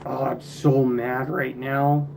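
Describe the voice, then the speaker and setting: A man's voice: mid-range voice, level tone, slow, vocal fry, darkish tone, slight background noise. A man commenting casually on his strategy game, muttering and ranting in frustration at it. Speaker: gameplay video creator.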